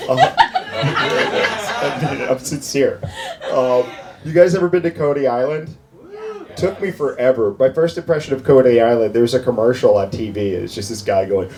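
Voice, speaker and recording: A man doing a stand-up comedy set on a club stage, animated and putting on voices for his bits. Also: medium pitch, normal speed, a little hiss or hum. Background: faint crowd laughter.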